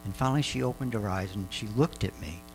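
A man's voice: fairly low pitch, quick pace, a little mellow, a little hiss or hum, poor audio. An older man telling a church audience about a mission trip, rambling with many fillers and restarts.

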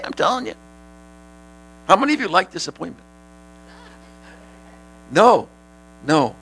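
Gravelly, forceful male pastor preaching. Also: medium pitch, poor audio. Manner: animated, rising to shouts and laughing with the congregation. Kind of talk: sermon.

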